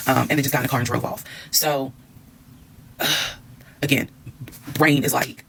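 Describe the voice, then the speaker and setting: A woman's voice: rumbling low, steady tone, a little fast, creaky, long pauses, slight background noise, rough recording. A woman telling a personal story to her followers, candid and blunt, swearing and acting out what people said. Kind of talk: storytime monologue.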